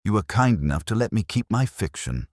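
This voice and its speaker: A man's voice: lowish voice, sing-song, fairly quick, darkish tone, no echo, studio quality, voice pushed up. A man reading the lines of a guarded woman on a phone call, cool and clipped.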